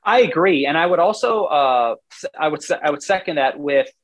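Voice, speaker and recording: A man's voice: on the high side, lively intonation, fairly quick. A man in his forties, a former player now analyzing football in casual talk, rambling animatedly and acting out what coaches would say.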